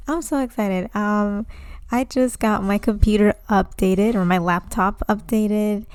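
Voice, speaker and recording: A young woman hosting her first casual podcast from home, chatty and excitedly nervous, with many fillers. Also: mid-range voice, slow, smooth, dry recording. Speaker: podcast host. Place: home room, indoors. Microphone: home microphone.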